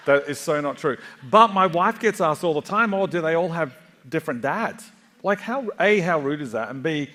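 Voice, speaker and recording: A middle-aged Australian man giving a joking, animated keynote talk to a live audience in a large hall. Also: a little high. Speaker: conference speaker.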